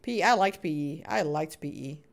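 A woman's voice: low voice, lively intonation, fairly quick, gravelly. A woman livestreaming a video game, chatting with viewers, laughing often and calling them sweetheart and buddy. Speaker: gaming livestreamer. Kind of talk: live game commentary and chat.

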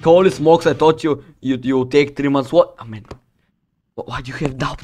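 A young man from the Balkans talks through his strategy game in a casual, boastful stream, swearing freely and cracking jokes to himself. His voice sits a little high for a man, and guitar music plays audibly behind him. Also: moderate pace. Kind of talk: casual gaming commentary. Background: loud background music.

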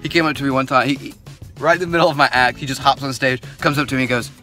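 A young man chats to his camera in an upbeat, joking way while he drives and packs up his gear. His voice is bright and forward, a little stuffy from a cold, picked up close by a headset mic. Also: medium pitch, rapid-fire, faint music behind. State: sick, stuffy nose. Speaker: vlogger and magician. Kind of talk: casual vlog talk. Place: outdoors and in a car. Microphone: headset microphone.

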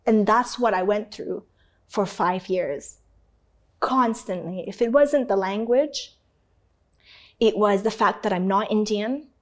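Animated woman telling a hard story. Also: mid-range voice, takes it slowly, long pauses. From Canada. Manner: animated, acts out quoted voices, swears casually. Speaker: interview guest. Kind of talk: emotional personal storytelling.

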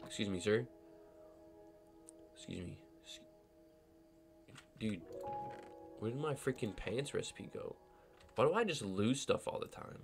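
A man's voice: on the low side, animated, a little slow, creaky, pauses often, music in the background. A young man with a nasal voice, just woken up, chatting casually over gameplay and joking to himself. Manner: talks to himself, joking asides and silly voices. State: just woke up. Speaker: gaming video creator.

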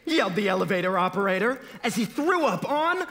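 A man's voice: sits high, very animated, a little fast, gravelly, fairly bright tone, long reverb tail. A man narrating a comedy sketch on stage in a mock-dramatic tone, correcting himself as he goes. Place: theater stage.

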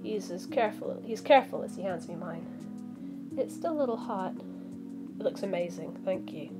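A woman reading a visual novel aloud as a let's play streamer, voicing the lines and breaking off into animated asides. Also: medium pitch, moderate pace. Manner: animated, reacts with outbursts and asides. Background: background music.

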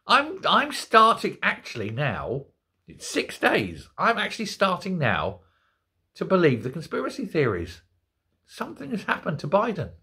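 An older man hosting an opinion commentary show, ranting in an animated, incredulous way. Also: on the high side, husky. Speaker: host.

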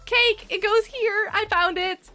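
A woman streaming a game and chatting casually with her daughter, excitable and giggly. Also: very high voice, slow pace, soft background music. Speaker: streamer, mother of co-host. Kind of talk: casual live-stream chat while gaming.

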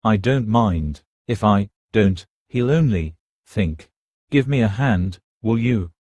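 A man voicing a feverish young British officer, speaking weakly and slowly. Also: fairly low pitch, animated, darkish tone, dry recording, dull audio. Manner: weak, slow, tired. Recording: dry close studio recording.

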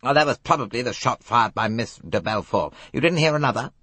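A man voicing a cool, brisk older British officer who questions coldly. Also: mid-range voice, lively intonation, pushed and bright, husky, dry recording, voice pushed up. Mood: questioning.

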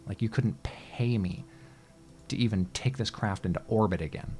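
A man with a fairly low voice talks through a let's-play session at his desk mic. He is exasperated, swears freely and scolds the game as he plays, with faint game music underneath. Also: moderate pace, mellow. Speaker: gaming channel host. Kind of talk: casual let's-play gameplay commentary.

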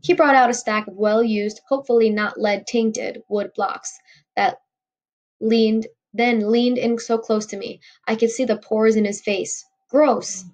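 A woman's voice: on the high side, fairly even intonation, unhurried, a little mellow. A woman reading a novel aloud in a wry first-person storytelling voice. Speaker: audiobook reader.

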